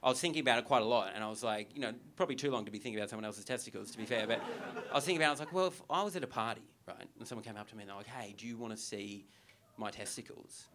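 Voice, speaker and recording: Young aussie bloke doing stand-up into a stage mic, rambly storytelling, keeps saying like and right, crowd noise behind. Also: male voice, medium pitch, very fast, a bit bright. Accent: Australian. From Australia. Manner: chatty storytelling with frequent "like" and "right?" asides. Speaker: stand-up comedian. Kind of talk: stand-up comedy set. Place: theatre comedy club with a live audience. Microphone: stage microphone. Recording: live stage recording with audience noise.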